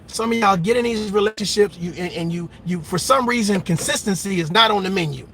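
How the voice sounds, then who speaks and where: High-pitched, bright, heated man ranting. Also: fairly quick, slight background noise. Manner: loud, emphatic, mocking, repetitive. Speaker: reaction channel host. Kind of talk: heated reaction rant.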